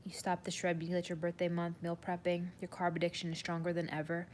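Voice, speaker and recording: A woman's voice: on the low side, monotone, fairly quick, a little mellow, a little hiss or hum. A woman nutrition coach talking earnestly to viewers in a live stream, often saying "you guys".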